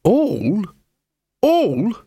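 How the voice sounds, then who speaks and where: A man's voice: a little high, expressive, unhurried, no echo, studio quality. A man voicing a small scruffy male street dog who talks in an anxious, miserable, whiny way. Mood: fretful.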